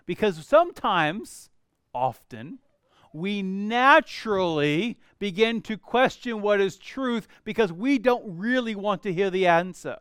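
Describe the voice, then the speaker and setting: A man's voice: high-pitched, animated, measured pace, a bit bright, clear, resonant tone, no room sound, clean studio sound. A man preaching a sermon in an earnest, questioning way, driving his point home with repeated rhetorical questions. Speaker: pastor.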